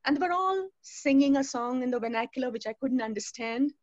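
Woman, fairly high voice, storytelling testimony, dry muffled lo-fi sound. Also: lively intonation, brisk, no room sound. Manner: storytelling, acting out quoted dialogue. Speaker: speaker giving a personal testimony. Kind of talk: spoken testimony to a youth webinar.

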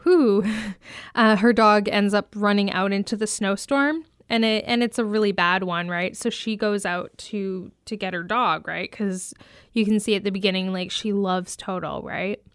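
A woman's voice: medium pitch, normal speed, clear, resonant tone, dry recording, clean studio sound. A woman with a Canadian East Coast accent, co-hosting a casual podcast chat in a rambling, self-teasing way. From Eastern Canada. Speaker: podcast co-host.

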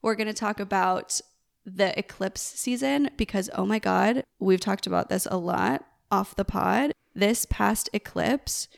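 A woman's voice: medium pitch, a little slow, gravelly. A woman co-hosting a podcast, joking and bantering in playful, casual chat. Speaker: podcast co-host, crystal shop owner.

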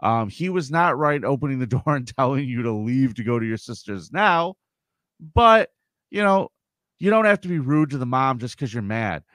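Playful guy riffing on a comedy podcast, bouncy up-and-down voice, middle pitch. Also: big pitch swings, fairly bright tone, dry recording. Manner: playful, quick to joke and riff. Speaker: podcast co-host. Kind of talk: casual comedic chat.

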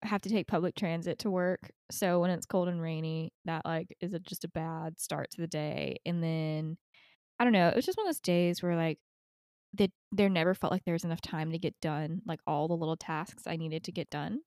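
A woman's voice: on the low side, moderate pace, darkish tone, no echo, clean studio sound. A young woman co-hosting a podcast, chatting casually and rambling with frequent laughs. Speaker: podcast co-host. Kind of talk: casual chat.

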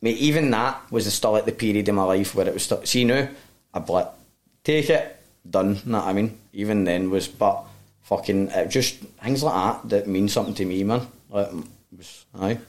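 This is a man with a thick Glaswegian accent and a voice that sits on the low side. He talks in a raw, sweary, heartfelt way, circling back and rambling as he tells his story. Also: moderate pace. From Glasgow, Scotland. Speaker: guest. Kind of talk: candid personal storytelling.

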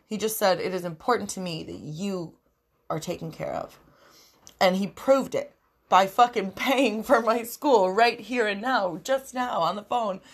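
A woman's voice: mid-range voice, a little slow. Tearful young woman, emotional vlog. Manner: tearful, emotional, swears freely. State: crying. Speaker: vlogger.

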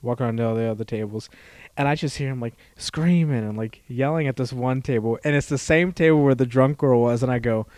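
A young man co-hosting a podcast, telling a story in a rambling, halting way, full of fillers and loudly acted-out quotes. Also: mid-range voice, dry recording. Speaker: podcast co-host. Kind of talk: casual chat, storytelling.

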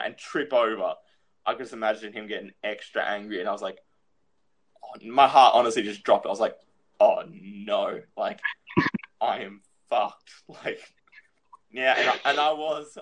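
A man's voice: mid-range voice, fairly quick, fairly bright tone. A young man in casual chat, telling a childhood story, laughing often and swearing freely.

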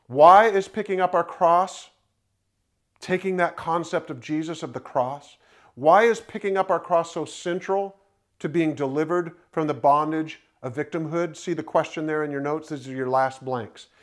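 A man's voice: fairly high pitch, a little slow. A man preaching a sermon, emphatic and repeating his key points while walking listeners through the blanks in their notes. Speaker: pastor.

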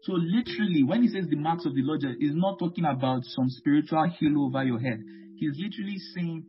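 A man's voice: fairly high pitch, fairly quick. A man preaching a Bible teaching sermon, emphatic and repeating key phrases, often calling out amen. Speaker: pastor. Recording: muffled lo-fi with guitar music.

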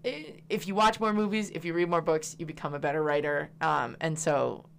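A woman in her twenties chats as a podcast guest, her voice sitting on the low side. She rambles and giggles between thoughts. A faint hum sits under the recording. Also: brisk, vocal fry. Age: 20s. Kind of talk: casual chat.

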